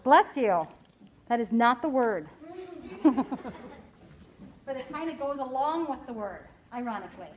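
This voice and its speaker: High-voiced teacher in an echoey classroom. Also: female voice, lively intonation, measured pace, long pauses, a little hiss or hum. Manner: playful, encouraging, sounds out words with relish. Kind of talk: classroom read-aloud of a picture book. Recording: roomy classroom echo.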